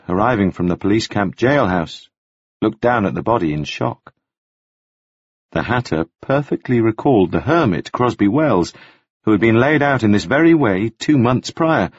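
A man reading a novel aloud as narrator, measured and expressive. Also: lowish voice, husky, dry recording. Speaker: audiobook narrator. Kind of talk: scripted narration. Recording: dull, dry lo-fi audio.

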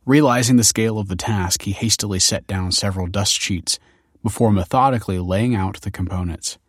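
A man narrating an audiobook chapter in a measured, even storytelling manner. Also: lowish voice, husky, no room sound, clean studio sound. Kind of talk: scripted narration.

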